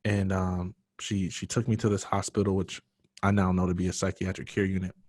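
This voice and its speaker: Deep-voiced man telling his story earnestly. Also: flat delivery, a little fast, a little mellow, no room sound, clean studio sound. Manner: earnest, emotional testimony. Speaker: podcast guest. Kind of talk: personal storytelling in a podcast interview.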